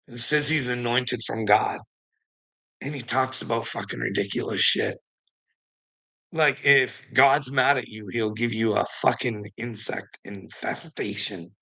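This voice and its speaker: Man, gravelly voice, bright and forceful tone, blunt indignant rant, heavy swearing. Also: medium pitch, low-quality recording. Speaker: vlogger. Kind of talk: profane ranting monologue.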